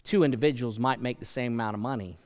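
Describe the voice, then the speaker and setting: A man preaching a sermon as pastor, building to loud emphatic peaks and acting out quoted voices. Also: medium pitch, quick pace. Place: large church sanctuary. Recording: long church hall reverb.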